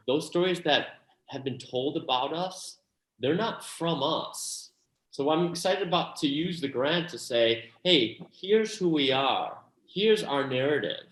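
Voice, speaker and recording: A man, an actor and playwright, giving earnest, animated answers in an interview, with many restarts and asides. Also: on the high side, reverberant, rough recording.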